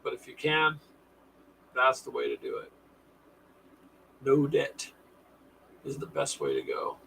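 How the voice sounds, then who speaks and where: A man's voice: medium pitch, very animated, takes it slowly, gravelly, sharp tone, a little hiss or hum, poor audio. A man hosting a casual live stream, chatting with viewers in a folksy, sarcastic way.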